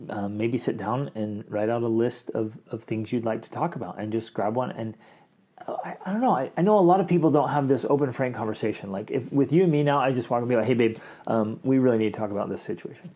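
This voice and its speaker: A middle-aged man co-hosting a podcast in casual chat, talking in an animated way and acting out the lines he quotes. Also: mid-range voice, fast talker. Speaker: podcast co-host.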